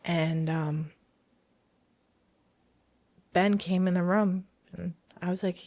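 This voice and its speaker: A woman's voice: on the low side, steady tone, slow, long pauses, a little mellow, no room sound. Earnest, hesitant woman sharing her story. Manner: earnest and hesitant, with many restarts and "like" fillers. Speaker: guest. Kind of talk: personal testimony in a podcast interview.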